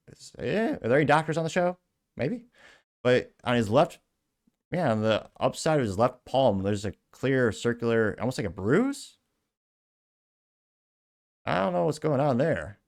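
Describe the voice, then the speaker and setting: A man hosting a casual commentary show, reading viewer comments aloud with a sarcastic edge. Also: on the low side. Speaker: show host.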